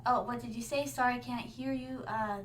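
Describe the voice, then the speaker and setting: A woman's voice: fairly high pitch, fairly even intonation, fairly quick, a little hiss or hum. A woman streamer reacting live in a theatrical, regal manner, calling her viewers "my darlings" and dropping Japanese fillers. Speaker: vtuber streamer.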